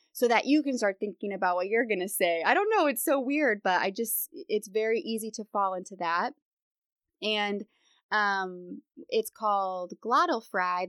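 Young female podcast guest, casual and chatty, creaky sentence endings, dry close mic. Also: medium pitch, no echo. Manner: casual, laughs often, vocal fry at sentence ends. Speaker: guest voice expert. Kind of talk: podcast interview.

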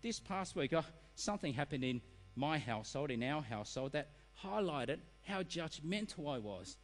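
A middle-aged man preaching a sermon, animated and acting out excuses in quoted voices. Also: a little high, moderate pace, faint music behind. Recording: reverberant hall.

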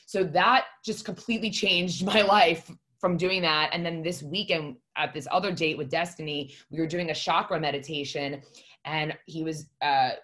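A woman's voice: deep voice, fairly even intonation, moderate pace, fairly bright tone. A woman telling a personal story in casual conversation, blunt and emphatic, swearing freely and speaking from the heart. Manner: heartfelt, confessional.

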